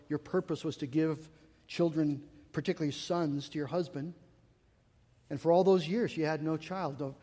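A middle-aged man preaching a sermon with a fairly high voice. He speaks earnestly and tells personal stories with self-deprecating humor. His voice carries a long reverb, as if he were in a church hall. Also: dark tone. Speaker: pastor.

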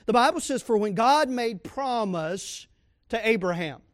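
A man with a high voice preaches a sermon, reading scripture aloud and putting questions to the congregation. He pushes into sudden loud emphasis, and the sound is dry and close. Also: lively intonation, measured pace, no echo. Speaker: pastor.

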